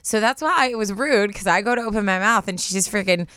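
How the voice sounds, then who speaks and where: A talkative woman co-hosting a casual podcast, dropping "yeah" constantly as she chats. Her voice sits at an ordinary middle pitch. The recording is close and dry, with no room sound. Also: fast, sharp tone, smooth, dry recording. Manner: chatty, says "yeah" a lot. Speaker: podcast co-host. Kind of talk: casual chat. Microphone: studio microphone.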